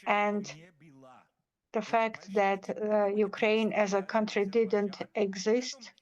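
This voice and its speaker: A woman's voice: mid-range voice, level tone, slow pace, a little mellow, highs cut off. A woman speaking as a symposium panelist, giving impassioned, firm remarks with frequent hesitations and repeated words.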